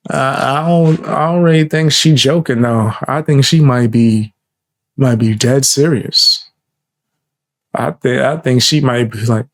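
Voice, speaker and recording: A man's voice: mid-range voice, unhurried. A man giving casual reaction commentary in a laid-back way, laughing often and using street slang.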